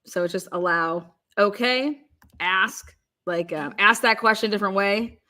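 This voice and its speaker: A woman hosting a live-stream chat, excitable and giggly, swearing casually. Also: medium pitch, measured pace. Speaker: livestream host.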